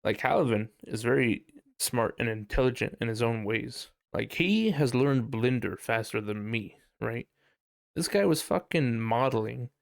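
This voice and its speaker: A young man hosts a podcast and talks through a heated, swearing rant that breaks into laughs. His mid-range voice has a gravelly edge. The sound is close and dry, with no room in it. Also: medium pitch, a little slow, dry recording. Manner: profane, animated ranting with frequent laughs. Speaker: podcast host. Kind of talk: casual ranting chat.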